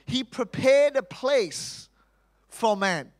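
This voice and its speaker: A man preaching a sermon in church, animated, asking rhetorical questions and acting out quotes. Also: very high voice, drawn-out words.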